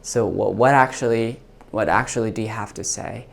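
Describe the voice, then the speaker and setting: A man hosting a tech video, talking informally and eagerly, often halting and repeating words as he chats with an AI assistant and his viewers. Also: on the low side, vocal fry. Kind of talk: casual talk to an AI voice assistant and to viewers.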